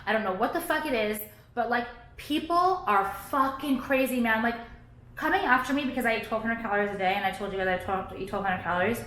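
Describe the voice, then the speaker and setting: A woman's voice: a little high, fast talker, fairly bright tone. A woman in a profane, heated, sarcastic vlog rant. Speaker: vlogger. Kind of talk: ranting vlog monologue. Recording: echoey room.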